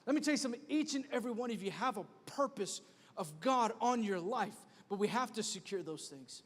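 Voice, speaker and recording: A man in his thirties preaches in a high, animated voice, returning again and again to a repeated refrain. He talks to the congregation in a conversational way. His voice rings with the long reverb of a large church hall. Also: a little fast. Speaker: pastor. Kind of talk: sermon.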